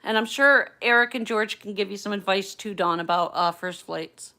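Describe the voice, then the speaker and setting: A woman's voice: mid-range voice, moderate pace, bright, forceful tone. A woman chatting candidly on a casual livestream from her phone at home, swearing freely as she talks. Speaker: livestream host.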